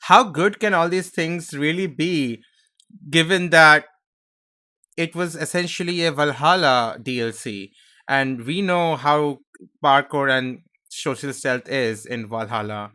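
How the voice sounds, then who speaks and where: A man's voice: on the high side, measured pace, bright, forceful tone, clear, resonant tone, dry recording, studio quality. A man hosting a reaction video, cutting in with joking, sarcastic asides. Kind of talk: casual commentary.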